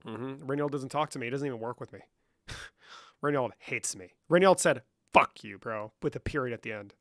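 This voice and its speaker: A young man on a live stream banters with viewers in a profane, joking way, answering chat questions aloud and slipping between English and Spanish in casual chat. His voice is mid-range and a little fast, on a dry, studio-quality recording.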